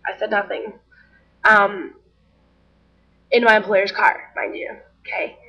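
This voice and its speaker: A woman's voice: mid-range voice, slow pace, highs cut off. Chatty young woman telling a story. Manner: chatty, animated, acts out quoted people. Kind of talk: casual storytelling vlog.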